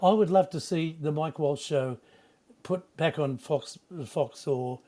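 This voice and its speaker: An older Australian man, a veteran radio broadcaster, reminiscing in a rambling, halting way with many restarts. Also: on the high side, warm tone. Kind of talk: casual reminiscing interview.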